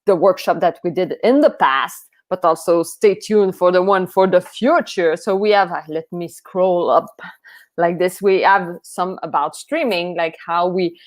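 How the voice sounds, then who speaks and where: A woman with a French Canadian accent hosting a live-streamed puppetry podcast, effusive and eager, with halting restarts. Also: fairly low pitch. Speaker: podcast host.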